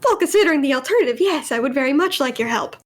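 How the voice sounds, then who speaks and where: A woman playing a tabletop game, casual and quick to laugh, swearing freely. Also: sits high, animated. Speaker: player.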